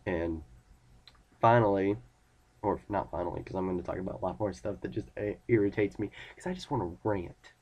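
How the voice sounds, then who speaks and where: Low mellow-voiced teen guy ranting. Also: a little fast, highs cut off. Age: teens. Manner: rambling, irritated, talks in retold dialogue. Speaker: vlogger. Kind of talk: casual ranting monologue.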